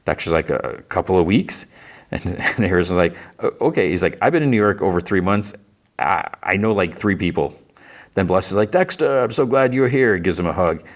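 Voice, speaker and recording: Deep-voiced man recapping an episode. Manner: retells scenes in quick quoted lines, filler-heavy. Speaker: podcast host recapping a TV episode. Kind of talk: casual recap.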